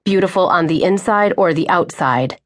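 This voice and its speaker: A suspicious, slouching teenage boy, as a woman narrator reads him, asking doubtful questions. The voice stays low and close to her own. It is a plain storybook reading. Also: normal speed, natural voice.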